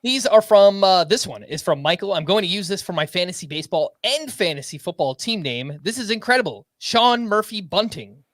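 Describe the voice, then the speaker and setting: A man co-hosting a sports podcast in casual chat, animated as he reads out listener submissions. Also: sits high, fairly quick, hardly any pauses, no room sound, clean studio sound. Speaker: fantasy baseball podcast co-host.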